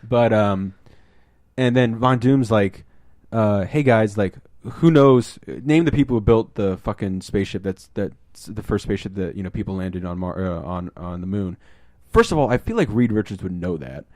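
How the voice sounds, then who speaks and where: A man's voice: on the low side, lively intonation, a little mellow, dry recording, studio quality. Rambling, profane man on a podcast. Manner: rambling, profane, acts out scenes in quick put-on voices. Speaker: podcast host. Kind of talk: casual podcast film discussion.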